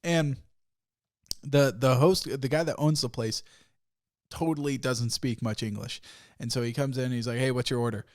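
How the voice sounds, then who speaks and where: A man's voice: mid-range voice, steady tone, moderate pace, pauses often. A young man hosting a solo podcast, telling stories in a rambling, profane way and laughing often. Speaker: podcast host. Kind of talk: casual solo podcast rant.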